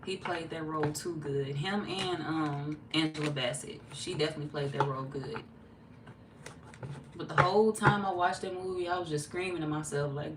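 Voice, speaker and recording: A woman, streaming a tarot reading and chatting casually, telling animated stories and cussing freely. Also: low-pitched, fairly quick, far from the mic. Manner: animated storyteller, cussing freely, acting out quotes. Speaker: tarot reader streaming live. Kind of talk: casual livestream chat. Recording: echoey room, off-mic, faint hum.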